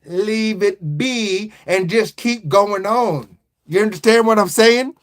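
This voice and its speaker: A high-voiced man talking straight to his livestream viewers in a loose, preachy flow. He circles back on his points and keeps checking that they follow him. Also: takes it slowly. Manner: repetitive, preachy, keeps asking "right?". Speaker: livestream motivational host. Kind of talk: casual motivational livestream talk.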